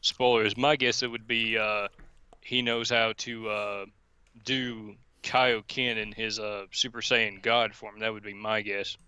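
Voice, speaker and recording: A man's voice: lowish voice, little pitch movement, a little slow, pushed and bright, clear, resonant tone, no echo. A young man co-hosting a stream, chatting casually and hesitantly with many fillers. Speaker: stream co-host. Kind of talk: casual chat.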